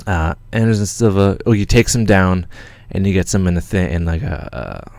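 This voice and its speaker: A Canadian man hosting a livestream, telling a story in an excited, rambling way with lots of swearing and restarts. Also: deep voice, normal speed, gravelly, no echo. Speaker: channel host.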